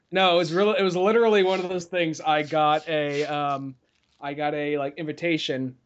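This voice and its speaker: A man with a slightly high voice rambles through a story in relaxed podcast chat, restarting his sentences as he goes. The audio is dull and a bit lo-fi. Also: moderate pace, smooth. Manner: rambling, stop-start storytelling with lots of fillers. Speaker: podcast host. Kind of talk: casual chat.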